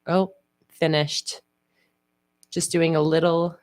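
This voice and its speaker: A woman hosting a casual livestream, chatting in a relaxed way with frequent fillers. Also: sits low, a little slow. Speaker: livestream host. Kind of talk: casual livestream chat while planning.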